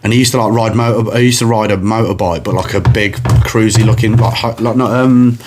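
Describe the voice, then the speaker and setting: A man's voice: fairly low pitch, fairly even intonation, brisk, noisy background. Casting: young male comedian, loose rambling storyteller. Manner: rambling, laughs often. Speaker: comedian and podcast host. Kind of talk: casual storytelling chat.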